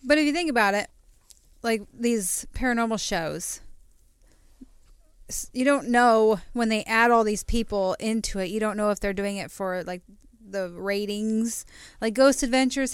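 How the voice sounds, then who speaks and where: A woman's voice: medium pitch, normal speed, smooth, no echo, clean studio sound. A woman co-hosting a paranormal podcast, chatting in a wry, casual way. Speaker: podcast co-host. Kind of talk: casual chat.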